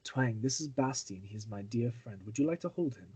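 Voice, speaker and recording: A man's voice: medium pitch, expressive, brisk, warm tone, slight background noise. A man playing a tabletop game, patiently coaxing another character as if talking to a child. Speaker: player. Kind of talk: casual tabletop game chat and in-character talk.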